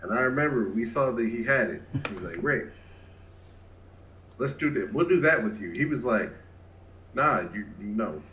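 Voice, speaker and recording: A man's voice: mid-range voice, expressive, moderate pace, pauses often, a bit bright, reverberant, slight background noise, low-quality recording. A man co-hosting a casual podcast, telling stories with lots of laughter and acted-out quotes. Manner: laughing storyteller, acts out quotes. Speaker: podcast co-host. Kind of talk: casual chat.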